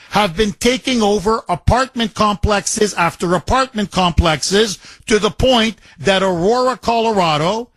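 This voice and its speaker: A man's voice: sits high, fairly bright tone, no echo. A man hosting a talk radio show, delivering an emphatic, combative opinion monologue and repeating words for force. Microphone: studio microphone.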